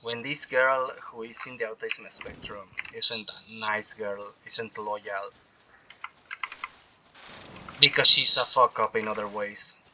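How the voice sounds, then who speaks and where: A man's voice: lowish voice, fairly even intonation, slow, bright, forceful tone, slight background noise, poor audio. A man giving rambling, opinionated commentary while he plays a video game, often restarting his sentences. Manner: opinionated, meandering monologue with restarts. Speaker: gaming streamer.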